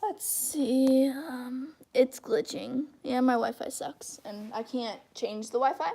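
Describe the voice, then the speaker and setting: A teenage girl with a high-pitched voice, rambling and self-deprecating in casual livestream chat while she draws. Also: slow, creaky, mellow. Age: teens. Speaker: channel host.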